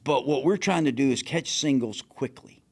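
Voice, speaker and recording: A man, a fishing captain telling a story in casual, profane talk and acting out quotes loudly. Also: mid-range voice, moderate pace. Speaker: fishing captain, podcast guest.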